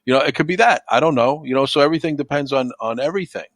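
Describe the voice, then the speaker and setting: On a dry recording, a man with a medium-pitched voice talks at a racing pace as a podcast guest. His casual conversation rambles and repeats itself, filled with "you know."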